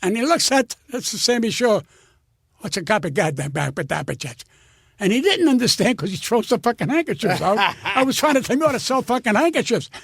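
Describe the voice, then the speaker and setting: An older man telling profane, animated showbiz stories as a comedian guest, breaking into shouted impressions. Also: sits high, brisk, gravelly, husky, no room sound, studio quality. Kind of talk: storytelling interview.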